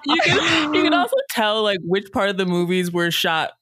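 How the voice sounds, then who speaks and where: A woman in casual conversation about a film, reflective and expressive, often quoting lines and laughing. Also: mid-range voice, normal speed, no room sound, clean studio sound. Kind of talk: casual chat about a movie.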